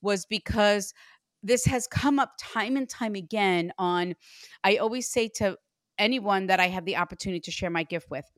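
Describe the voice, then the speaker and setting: A woman psychic medium giving a reading, animated and chatty, acting out what the spirit says. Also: mid-range voice, normal speed, no echo, clean studio sound. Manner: animated, acts out the spirit's voice in quotes.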